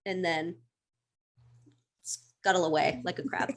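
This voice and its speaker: A woman in casual podcast chat about astrology, lively and laughing often, acting out little quoted voices. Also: on the low side, slow.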